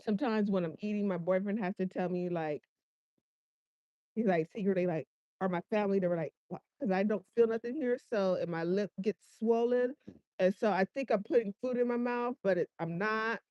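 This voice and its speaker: A woman's voice: medium pitch, fairly quick, mellow, no echo, highs cut off. Woman, livestream host, chatty and rambling, earnest, mid-range voice, dry sound. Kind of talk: casual livestream chat. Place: home garden, outdoors.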